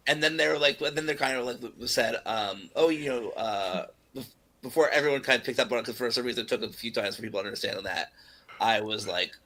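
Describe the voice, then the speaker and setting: A man's voice: mid-range voice, fast, bright, forceful tone. A man chatting casually on a podcast, telling a story with many fillers and restarts. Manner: rambling, lots of fillers and restarts. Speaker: guest performer.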